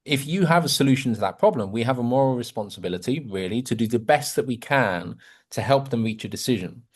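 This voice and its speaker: A man's voice: medium pitch, fast, slightly rough. A man coaching a group on a video call about sales, acting out customer dialogue in changing voices. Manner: lively, acts out sales dialogue in varied voices.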